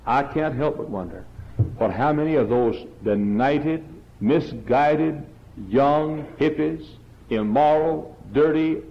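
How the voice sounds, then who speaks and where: A middle-aged man preaching a revival sermon, hammering one question over and over and climbing to loud peaks. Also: on the high side, slow pace, gravelly. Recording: dull lo-fi church recording.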